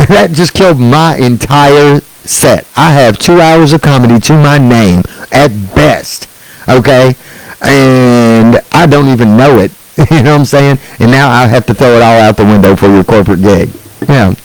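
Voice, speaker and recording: A man's voice: medium pitch, measured pace, dry recording, rough recording. Man, thirties, angry sarcastic stand-up rant, dry close sound. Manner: angry, sarcastic and profane, with mocking put-on quotes. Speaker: stand-up comedian.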